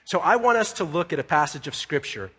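Husky-voiced preacher in an echoing hall. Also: male voice, on the high side, lively intonation, brisk, bright, forceful tone. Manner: conversational storytelling, acts out quoted dialogue. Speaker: pastor. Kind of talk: sermon. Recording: echoey hall with long reverb.

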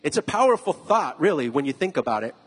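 A man's voice: fairly high pitch, sing-song, fast talker, husky, in a large hall. A pastor giving a conversational sermon, putting questions to his listeners. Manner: conversational, asks the audience questions.

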